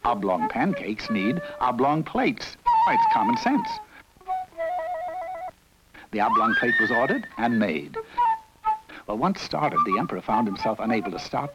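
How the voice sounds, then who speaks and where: A man narrating a children's story in a lively, playful way. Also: medium pitch, rough recording. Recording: loud music behind the voice.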